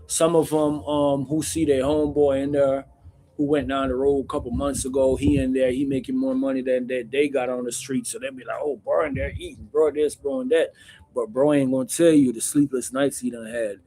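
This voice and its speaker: Husky man telling prison stories. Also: medium pitch, level tone, fairly quick. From Jamaica. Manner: blunt street talk, calls the viewer bro, loud bursts when acting out stories. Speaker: host answering viewer questions. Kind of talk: casual live Q&A chat.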